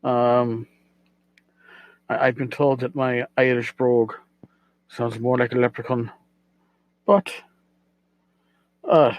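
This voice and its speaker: A man's voice: medium pitch, dry recording, rough recording. Rambling middle-aged male podcast host. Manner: rambling, self-deprecating, repeats words. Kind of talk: casual solo podcast talk.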